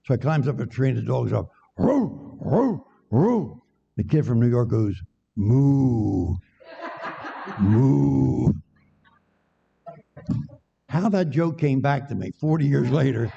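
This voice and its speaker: An older guest preacher, medium-pitched, fairly quick, creaky, with a dark, breathy tone and hardly any pauses, delivers a folksy, joking sermon and banters with the congregation. The church sanctuary recording is dull and echoey.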